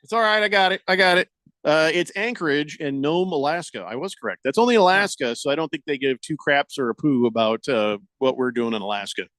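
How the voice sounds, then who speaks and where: A man's voice: on the high side, brisk, a bit bright, no room sound, studio quality. A man hosting a radio show, joking and reading listener comments aloud in casual banter.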